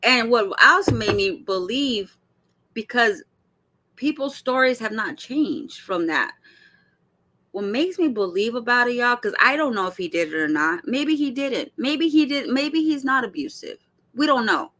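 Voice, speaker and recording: A woman hosts a reaction stream, speaking straight to her viewers. Her voice is bright and pitched a little high, and her delivery is blunt and animated, with swearing mixed into the casual chat. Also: measured pace. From Arizona. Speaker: commentary host.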